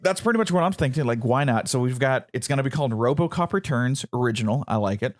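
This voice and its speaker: Man in his thirties, chatty podcast co-host, rambles and restarts, medium pitch. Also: animated, fast talker. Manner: rambling, self-correcting, stammers on restarts. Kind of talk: casual chat.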